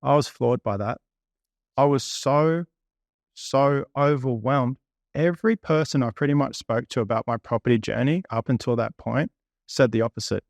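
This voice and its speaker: A man's voice: mid-range voice, moderate pace, vocal fry, dry recording, clean studio sound. A man in his thirties, a property investor, candidly recounting past conversations at length in an interview. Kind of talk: interview storytelling.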